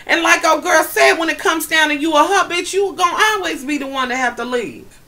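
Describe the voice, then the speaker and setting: A woman vlogger giving a profane, gossipy casual recap, talking straight to her viewers and getting loud when she is riled up. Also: sits high, lively intonation, moderate pace.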